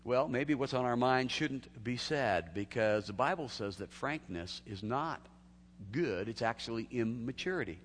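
A man's voice: mid-range voice, lively intonation, unhurried, slight background noise. Man preaching in a reverberant hall. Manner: conversational preaching with acted quotes and laughs. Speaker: pastor. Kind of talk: sermon.

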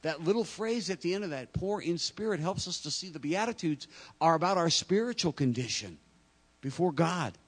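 A man's voice: a little high, lively intonation, moderate pace. A man preaching a sermon, talking to the congregation directly and acting out imagined speakers. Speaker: pastor.

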